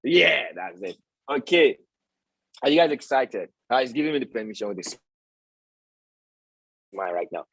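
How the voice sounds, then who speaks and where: A man with a husky, slightly breathy voice teaches a live trading lesson. The sound is dry and close. He talks in a preachy way, keeps checking in with "all right?" and answers his own questions. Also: medium pitch, sing-song, moderate pace, long pauses, fairly bright tone, no echo, low-quality recording. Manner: asks the audience rhetorical questions. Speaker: trading educator and stream host. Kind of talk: live-stream market lesson.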